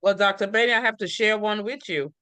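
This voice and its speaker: A woman hosting an online talk show, calmly explaining a health point over a video call. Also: medium pitch, fairly quick, dry recording.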